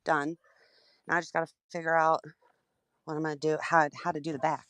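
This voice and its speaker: A woman in casual chat, out of breath and talking with excited enthusiasm. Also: low voice, brisk, no echo.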